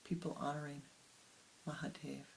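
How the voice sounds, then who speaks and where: A spiritual teacher giving a meditative sermon, speaking slowly and softly, often sinking into a whisper, with long pauses. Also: medium pitch, flat delivery, vocal fry, slight background noise. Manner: slow, soft, often dropping into whispers; unhurried with long pauses, halting restarts.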